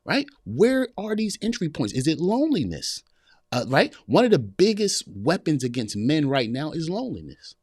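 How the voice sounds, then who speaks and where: A man's voice: fairly high pitch, very animated, normal speed, a little mellow, slightly rough, no echo, clean studio sound. A man hosting a podcast, giving an emphatic motivational talk and often turning to his listeners with a question. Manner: emphatic, repeats phrases, asks the audience "y'all hear me?". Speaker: podcast host.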